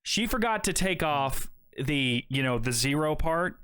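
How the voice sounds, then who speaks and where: This podcast co-host's voice sits a little high and moves a little slowly, clear and resonant. He tells a story casually, swearing a lot and animatedly voicing both sides of the conversation.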